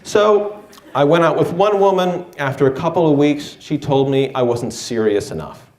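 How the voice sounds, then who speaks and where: A man's voice: fairly high pitch, lively intonation, normal speed, a little mellow. A man telling a personal story live, with a wry, self-deprecating delivery. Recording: echoey room.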